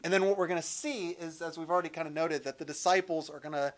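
A man's voice: on the high side, fairly even intonation, fast talker. Conversational man teaching a Bible passage. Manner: conversational and joking, with scripture read aloud. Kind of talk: casual sermon-style Bible teaching.

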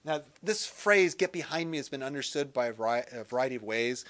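A man teaching a Bible session in sermon style, animated and lively, acting out quotes with jokey asides. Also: medium pitch, a little fast.

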